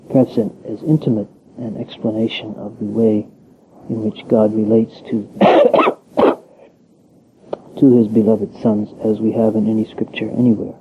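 A man giving a reflective, measured talk explaining scripture, pausing often as he thinks. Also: fairly low pitch, a little hiss or hum. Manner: measured, reflective, pauses with ums. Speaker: religious teacher. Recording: tinny phone-like lo-fi recording.

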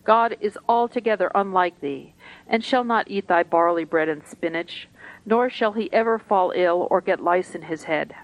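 A woman's voice: fairly low pitch, moderate pace, dull audio, lightly acted. A woman voicing a stern male prophet who rebukes in formal, old-fashioned speech while reading a spiritual story aloud. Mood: rebuking.

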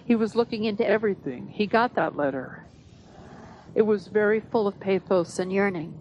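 Lady reading out a spiritual talk, slow and earnest, middle pitch. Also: lo-fi sound, slight background noise. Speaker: reader at a spiritual gathering.

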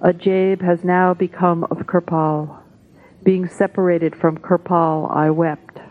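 A woman reading devotional texts aloud at a spiritual gathering, in a measured, solemn way. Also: fairly low pitch, little pitch movement. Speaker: satsang reader. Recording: tinny phone-like audio.

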